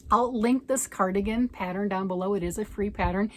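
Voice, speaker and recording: A woman's voice: mid-range voice, brisk, hardly any pauses. Chatty woman gushing over her crafts. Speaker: crafting vlogger. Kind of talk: casual chat showing projects.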